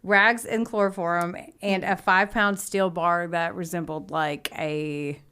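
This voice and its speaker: A woman's voice: on the low side, fairly even intonation, a little slow, sharp tone, clear, resonant tone. Giggly chatty woman telling a crime story. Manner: giggly, chatty, uses "like" a lot, acts out quotes. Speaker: podcast co-host telling a true crime story. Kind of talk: casual true-crime storytelling.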